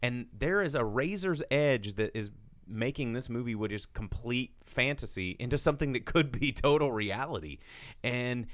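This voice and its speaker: A man co-hosting a casual movie review podcast, talking excitedly, swearing and acting out scenes in shrill put-on voices. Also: normal speed, no room sound. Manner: animated, swearing, acts out characters with big pitch jumps. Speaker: podcast co-host.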